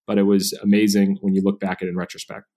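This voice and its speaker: A man in his thirties tells his story as a podcast guest, talking fast with a slightly low voice. He acts out the people in his anecdotes and keeps an animated, casual flow. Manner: animated, acts out quoted dialogue.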